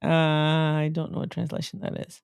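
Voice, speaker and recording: A woman's voice: sits low, monotone, normal speed, vocal fry, darkish tone, smooth, dry recording. A middle-aged woman co-hosting a podcast in casual chat, teasing and laughing often. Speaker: podcast co-host.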